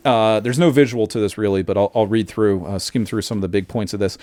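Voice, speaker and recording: A man's voice: lowish voice, fast, few pauses, a little mellow, no echo. A man, co-hosting a podcast, joking around and reading a news story aloud. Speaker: podcast co-host. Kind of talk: casual chat.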